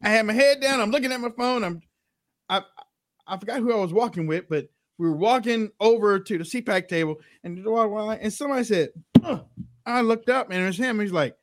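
A man hosting a podcast, his voice pitched high for a man. He chats casually and tells stories with lots of energy, stumbling over repeated words and switching into the voices of the people he quotes. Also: a little fast. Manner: animated storyteller, repeats words, acts out quotes. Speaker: podcast host. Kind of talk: casual chat.

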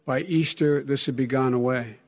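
A man in his seventies in a heated live debate, earnest and pointed, with frequent halting restarts. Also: medium pitch, steady tone, crowd noise. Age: 70s. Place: debate stage in a hall.

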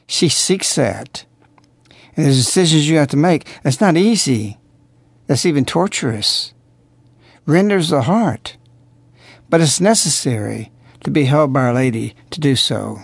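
A man's voice: on the high side, lively intonation, normal speed, creaky, pauses often, breathy edge, dry recording. A man giving earnest religious commentary on a radio program, preaching and asking rhetorical questions. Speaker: radio host.

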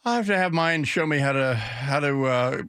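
A man's voice: mid-range voice, animated, moderate pace, fairly bright tone, no room sound. A man hosting a talk radio show in a studio, rambling off the cuff with sardonic asides. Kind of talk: casual talk radio monologue.

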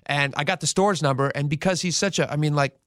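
A male radio host telling a news story in casual, animated talk and acting out the quotes. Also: a little high, quick pace, dry recording, studio quality.

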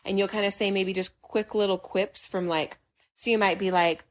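A young woman co-hosting a podcast, telling stories in an animated way, laughing and acting out quotes. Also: lowish voice, fast. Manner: animated, laughing storyteller who acts out quotes. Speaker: podcast co-host. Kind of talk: casual chat.

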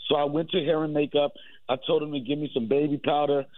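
A man, a comedian guest, jokes and brags in a playful comic riff during a radio interview. His voice sits a bit high and comes through dry and tinny, like a phone line. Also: level tone, fast, dry recording. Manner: boastful, playful comic riffing.

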